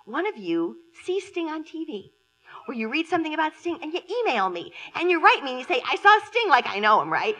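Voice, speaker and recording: A woman giving a storytelling keynote talk to a conference audience, theatrical and animated, swinging from loud exclamations to hushed asides. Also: a little high, long reverb tail, low-quality recording. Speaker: keynote speaker. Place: conference hall before an audience.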